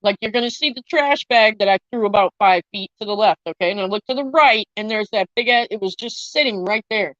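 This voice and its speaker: A young woman telling viewers a long story in a casual, animated and profane way. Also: medium pitch, fairly quick, hardly any pauses, no room sound, muffled recording. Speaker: vlogger, army veteran.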